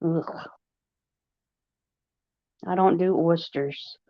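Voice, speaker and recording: Drawing out her words in a steady tone, a woman with a Long Island accent and fairly low pitch hosts a casual livestream. She rambles with plenty of fillers; the dry, slightly dull lo-fi recording carries no echo.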